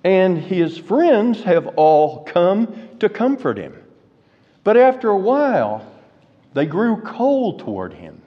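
A man preaching an expository sermon, slow and deliberate, rising to fervent emphasis. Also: high-pitched, wildly swooping pitch. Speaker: pastor. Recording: reverberant hall, dull lo-fi sound.

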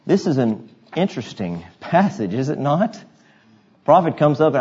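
A man with a husky, slightly breathy voice preaches a sermon, moving between scripture reading and conversational asides. He keeps asking his congregation rhetorical questions. The recording sounds dull and lo-fi. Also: on the high side, big pitch swings, normal speed, a little mellow. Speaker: pastor. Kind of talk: expository sermon.

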